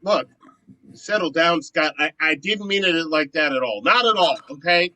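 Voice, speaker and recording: A man plays an earnest friend full of guilt, pleading with feeling in an amateur virtual stage play. His voice is bright and sits fairly high, and it swings between soft and loud. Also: lively intonation, moderate pace, no room sound, dull audio.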